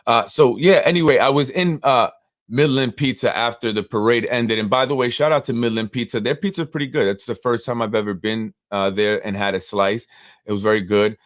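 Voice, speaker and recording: A man's voice: medium pitch, fairly quick, no room sound, clean studio sound. A man with a New York accent hosting a local politics show, telling stories in a rambling, casual way full of fillers. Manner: rambling storytelling, many fillers. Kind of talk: casual live-stream commentary.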